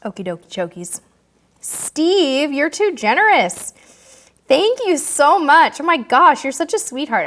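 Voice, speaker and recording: A woman hosting a live-stream Q&A, reading viewer questions aloud in a bubbly, chatty way. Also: medium pitch. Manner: bubbly, chatty, emotional, self-deprecating. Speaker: host.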